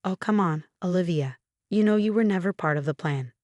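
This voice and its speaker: A woman's voice: on the low side, fairly quick, a little mellow, no echo, natural voice. A woman reading as a cruel drunk father. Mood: scornful. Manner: slurred, dismissive.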